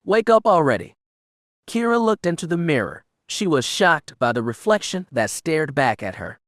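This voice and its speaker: Steady man narrating an audiobook. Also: fairly high pitch, moderate pace, no room sound, studio quality.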